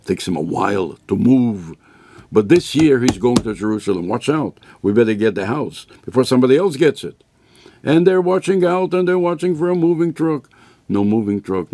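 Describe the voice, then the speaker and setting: A man's voice: medium pitch, warm tone, no room sound. A man teaching a Torah class as a rabbi, telling stories with emphatic repetition. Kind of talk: sermon-style Torah class.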